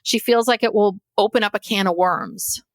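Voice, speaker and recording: Woman podcast co-host, therapist, casual recapper, mid-pitched voice, dry close mic. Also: normal speed, no echo. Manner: chatty storytelling with fillers.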